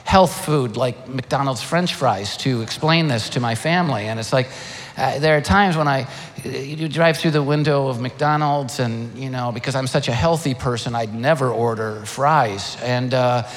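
An older man preaching a sermon, animated and emphatic, firing rhetorical questions. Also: medium pitch, moderate pace. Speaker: pastor. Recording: long hall reverb.

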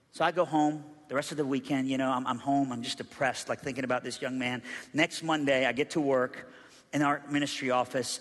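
A man preaching a sermon, telling a story with lively, animated delivery and acting out the voices of the people in it. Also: medium pitch. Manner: animated, acts out quoted voices, rises to loud excited peaks. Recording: long reverb of a large hall.

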